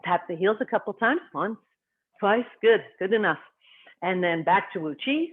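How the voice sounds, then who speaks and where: Calm, short instructions paced to the breath come from a qigong teacher guiding a class in an even, medium-pitched voice with a breathy edge, at normal speed. The sound is narrow and thin, like a phone call.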